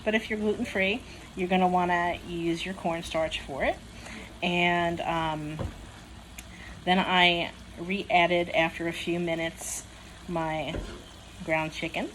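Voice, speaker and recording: A woman's voice: on the low side, a little hiss or hum. A woman hosting a casual home cooking demonstration, chatty and upbeat, laughing often. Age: young adult to middle-aged mom. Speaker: cooking channel host. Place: home kitchen.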